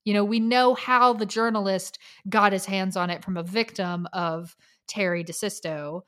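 A woman's voice: mid-range voice, fairly even intonation, normal speed, fairly bright tone. Woman podcast co-host, chatty storyteller who acts out quotes, mid-range voice, casual and loose. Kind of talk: casual chat recapping a documentary.

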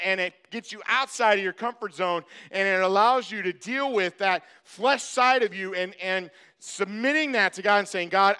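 A pastor preaching a sermon in a high, bright, ringing voice that stays smooth and clear. He addresses his congregation directly and hammers his points home by repeating them. The delivery is emphatic and earnest.

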